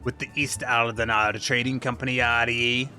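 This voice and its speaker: A man voicing a gruff older merchant in a rough mock pirate accent, growling his lines. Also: mid-range voice, level tone, normal speed, bright, forceful tone, soft background music. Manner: growling, stumbles over names. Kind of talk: reading game dialogue aloud in voices.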